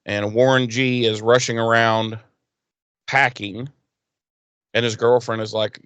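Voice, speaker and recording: A man's voice: mid-range voice, unhurried, pauses often, smooth, no room sound. Podcast guy recapping an episode, lots of cussing, does little voices for characters, dry close mic. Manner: profane, animated, acts out characters' lines. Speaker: podcast co-host. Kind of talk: casual chat recapping a TV episode.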